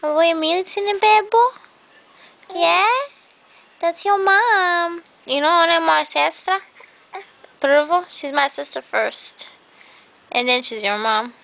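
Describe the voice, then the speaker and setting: A woman's voice: very high-pitched, slow, gravelly, pauses often, fairly bright tone. A young woman in a playful home video, talking to a small child as his aunt in teasing, sing-song baby talk, recorded indoors on a handheld camera.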